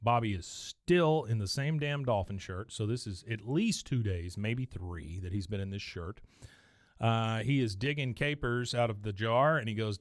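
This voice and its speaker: A man's voice: fairly low pitch, normal speed, no echo, clean studio sound. A man co-hosting a podcast, casually recapping an episode scene by scene and briefly lifting his voice for quoted lines. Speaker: podcast co-host.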